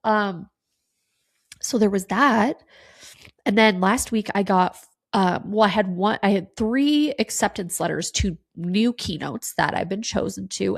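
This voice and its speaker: A woman's voice: mid-range voice, creaky. A woman in her thirties hosting a casual solo podcast, tearful and sniffling, talking candidly with plenty of swearing and filler words. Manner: candid, swears freely, lots of "like". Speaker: podcast host.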